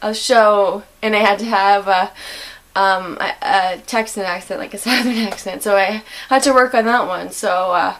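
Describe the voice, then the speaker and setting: A woman's voice: medium pitch, fairly even intonation, normal speed, fairly bright tone. A young woman chatting casually to her vlog audience, rambling and giggling often. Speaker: vlogger.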